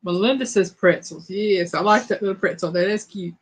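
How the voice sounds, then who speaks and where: A woman hosting a live trivia chat. Her voice is hoarse, and she talks casually while reading out viewers' answers. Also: medium pitch, fairly quick. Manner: chatty, reads out viewers' answers.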